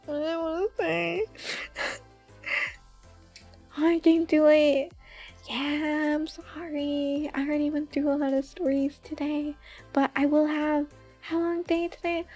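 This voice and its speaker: A young woman streamer in soft-spoken casual chat with viewers, giggly and rambling, with lots of "like". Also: high voice, steady tone, takes it slowly, pauses often, faint music behind. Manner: giggly, rambling, says "like" often.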